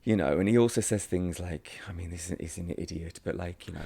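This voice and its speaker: A man's voice: sits low, quick pace, vocal fry, few pauses, dark tone, slight background noise. A man in his thirties, an actor chatting as a podcast guest, talking loosely with restarts and easy laughs. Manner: chatty, self-interrupting, laughs easily. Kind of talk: casual interview chat.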